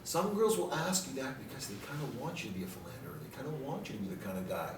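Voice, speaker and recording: A man's voice: medium pitch, sing-song, racing. A man leading a live dating seminar Q&A, brash, profane and joking, often laughing. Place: seminar room with audience. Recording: echoey room from a distance, audience noise.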